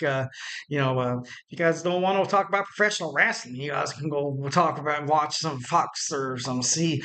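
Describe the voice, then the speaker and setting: A man's voice: fairly high pitch, sharp tone. A man hosting a wrestling podcast, talking casually with rambling, joking asides and self-corrections. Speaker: podcast host.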